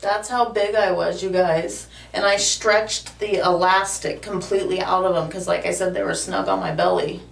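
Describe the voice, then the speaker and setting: A woman's voice: fairly low pitch, animated, moderate pace, gravelly, few pauses, far from the mic. A woman talking to her viewers in a casual vlog from her bathroom, emotional and heartfelt. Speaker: vlogger. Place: home bathroom. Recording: echoey room, voice a bit off-mic.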